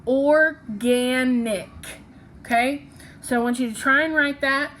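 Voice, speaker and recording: A woman's voice: high-pitched, steady tone, a little fast, sharp tone, a little hiss or hum. A woman teaching a phonics lesson, patiently sounding out syllables and letters one by one.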